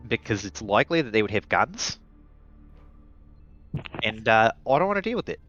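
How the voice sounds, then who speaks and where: A man's voice: on the low side, very animated, normal speed, fairly bright tone, muffled recording, faint music behind. A man playing a nervous rambling hacker. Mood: apologetic. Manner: rambling, hesitant, apologetic.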